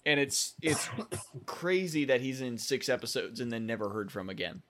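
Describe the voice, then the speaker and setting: A man co-hosting a casual podcast, talking at an even middle pitch. He rambles and restarts his sentences often, circling back with fillers as he recaps an episode with friends. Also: normal speed, slight background noise. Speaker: podcast co-host. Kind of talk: casual chat.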